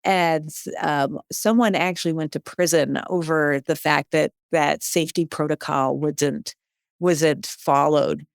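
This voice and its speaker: A woman with a very low voice talking slowly in an interview, pausing on ums and uhs. The recording is close and dry. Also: steady tone, gravelly, no echo. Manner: hesitant, many fillers. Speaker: museum ship guide. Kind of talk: casual interview.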